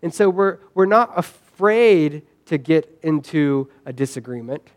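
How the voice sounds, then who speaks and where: Brief: male pastor, high-pitched voice, chatty sermon delivery with quick asides. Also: expressive. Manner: conversational, frequent "right?" asides, acts out quoted lines.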